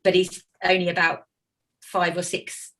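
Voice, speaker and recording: A woman chatting casually about her autistic son, telling animated stories and laughing often. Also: lowish voice, measured pace. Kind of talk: casual group chat.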